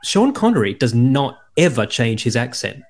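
A man co-hosting a casual film podcast, rambling through anecdotes and quick asides. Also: mid-range voice, sing-song. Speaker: podcast co-host. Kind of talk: casual movie chat.

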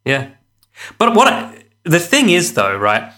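A man co-hosting a casual podcast chat, rambling and animated, swearing offhandedly. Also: on the high side, a little slow. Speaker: podcast co-host.

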